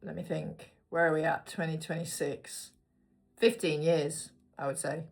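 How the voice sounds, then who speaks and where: Woman, low voice, casual tarot reader, chatty and wandering. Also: steady tone, measured pace, vocal fry. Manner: chatty, rambling asides, talks to herself while picking cards. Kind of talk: casual tarot reading to viewers.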